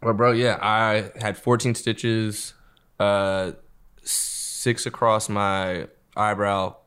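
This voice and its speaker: A young man in casual chat, telling a story in an animated way, full of slang and swearing. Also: on the low side, drawn-out words, clean tone. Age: young adult.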